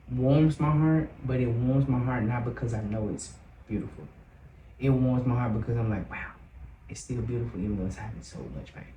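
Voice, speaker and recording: A man with a Southern American accent tells his personal story, earnest and reflective, with the odd hesitation. His voice is mellow and dark. He is recorded from a distance in an echoey room with a faint hum behind him. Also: medium pitch. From Southern United States. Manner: earnest and open, slow and reflective, with some hesitant "um"s. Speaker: guest singer.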